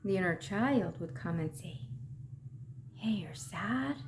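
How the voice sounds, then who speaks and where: A woman, an emotions coach, talking people through their feelings in a gentle, reflective way, asking rhetorical questions and at times sinking to a whisper. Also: on the low side, creaky, background noise.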